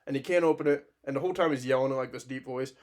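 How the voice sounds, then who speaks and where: A man co-hosting a podcast, telling a wild anecdote in casual chat, animated and profane, laughing often. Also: mid-range voice, very fast. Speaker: podcast co-host.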